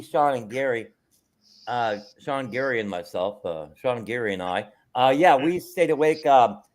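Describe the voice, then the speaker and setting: A man in a casual chat who talks haltingly, restarting and repeating himself as he goes. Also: mid-range voice.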